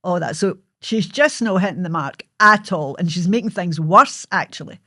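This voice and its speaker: A woman's voice: fairly low pitch, normal speed, bright, forceful tone, no room sound, studio quality. A Scottish woman hosting her own show, telling a personal story in a vivid, blunt way and swearing freely.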